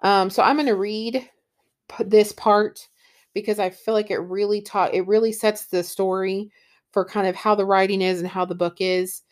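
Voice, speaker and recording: A woman's voice: medium pitch, level tone, normal speed, a little mellow. A woman enthusiastically talking about a novel in casual book talk, then reading a passage aloud. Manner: enthusiastic, with fillers like um and you know. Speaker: book reviewer.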